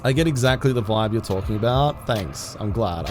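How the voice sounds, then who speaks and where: A man's voice: on the low side, expressive, normal speed, music in the background. A young man livestreaming a game, chatting casually and self-deprecatingly with viewers, often restarting his sentences. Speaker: game streamer.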